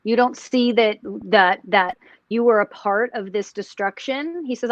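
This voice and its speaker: A woman psychic on a live paranormal show, talking haltingly with many restarts as she questions a spirit. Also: a little high, no room sound. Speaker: psychic, remote viewer. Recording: dull dry lo-fi audio.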